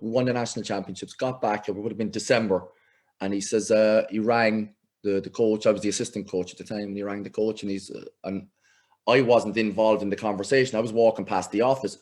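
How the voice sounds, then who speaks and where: A middle-aged Irish man, a football coach, telling lively anecdotes in a casual interview and acting out the voices he quotes. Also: lowish voice. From Ireland. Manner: animated anecdotes, acts out quoted voices, laughs often. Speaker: football coach, podcast guest.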